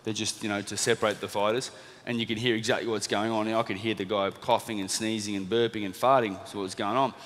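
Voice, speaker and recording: An Australian man in his thirties tells a story from the stage at a seminar. He speaks quickly and acts out the voices of the people in his story. His voice rings out with the long reverb of a large hall. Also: fairly low pitch. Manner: animated storyteller, acts out quotes. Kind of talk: storytelling talk to a live audience.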